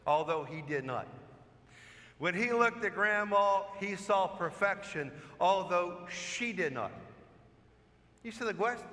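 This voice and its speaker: Priest giving a homily, man with a high, bright voice, chatty storyteller, long echo of a church. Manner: storytelling, conversational preaching with rhetorical questions. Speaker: parish priest. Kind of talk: sermon.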